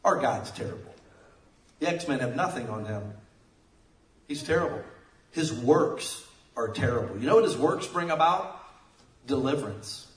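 Animated preacher in an echoey hall. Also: male voice, mid-range voice, measured pace, long pauses. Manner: animated, jokey storytelling with sudden loud outbursts. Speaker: pastor. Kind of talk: sermon. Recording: echoey room, mic at a distance.

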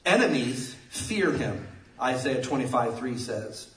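A man preaching a sermon, telling jokey stories with sudden loud outbursts. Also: medium pitch, lively intonation, measured pace. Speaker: pastor. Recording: echoey room, mic at a distance.

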